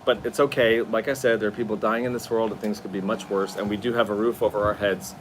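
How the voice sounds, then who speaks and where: A man's voice: fairly low pitch, level tone, quick pace, a little hiss or hum. A tired man hosting a casual live stream from his new apartment, chatting expressively and answering viewer comments. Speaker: livestream host.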